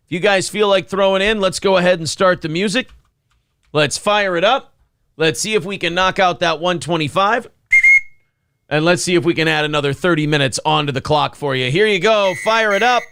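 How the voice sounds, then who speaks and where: A man's voice: a little high, fairly bright tone, clean tone, dry recording, studio quality. A man hosting a live-streamed talk show, chatting casually with brash, profane humor and reading out donations. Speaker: podcast host.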